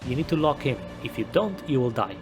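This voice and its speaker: A man's voice: mid-range voice, big pitch swings, fairly quick, gravelly, over music. A man giving a scripted game review voice-over with a wry, self-deprecating sense of humor. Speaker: gaming video creator.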